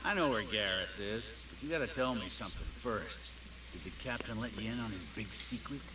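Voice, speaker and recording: A man's voice: on the low side, lively intonation, fairly quick, lightly acted. An actor playing a sly, bitter male former cop in a video game, talking in a mocking, conspiratorial way. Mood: sneering. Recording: loud noise on game audio.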